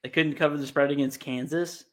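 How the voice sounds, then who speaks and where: Man, podcast host, brisk and matter-of-fact while reading sports picks. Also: on the high side, steady tone, fairly bright tone. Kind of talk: casual sports betting chat.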